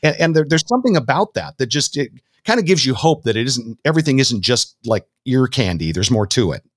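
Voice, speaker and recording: Middle-aged male podcast guest, eager and rambling, very lively pitch, dry mic. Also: brisk, dry recording. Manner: enthusiastic, rambling. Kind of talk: casual music podcast chat.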